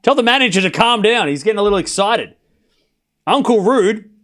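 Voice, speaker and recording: Male streamer doing casual tennis play-by-play, fairly high voice with lively swings in pitch, quick jokes between points. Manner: excitable, joking asides between points. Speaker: watchalong host and commentator. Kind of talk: live play-by-play stream commentary.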